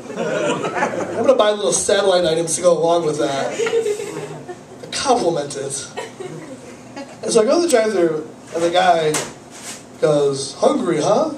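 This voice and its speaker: A man's voice: high voice, big pitch swings, measured pace, long pauses, crowd noise. A man doing a rambling, self-deprecating stand-up comedy set, swearing and fretting, while he has a cold. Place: small cafe comedy night, from the audience area. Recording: echoey cafe room, camera far off, audible noise.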